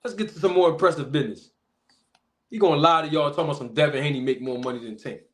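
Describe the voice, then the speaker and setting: A man's voice: a little high, quick pace. A man hosting a boxing live stream, calling out viewers in the chat and arguing in disbelief. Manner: animated, incredulous, shouting out chat members. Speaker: boxing commentary channel host. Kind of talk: casual live-stream commentary.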